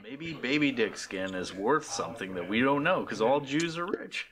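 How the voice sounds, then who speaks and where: A man hosting a podcast in casual crude banter, jokey and quick to laugh. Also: mid-range voice, a crowd in the background. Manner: animated, jokey, laughs often. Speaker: podcast host.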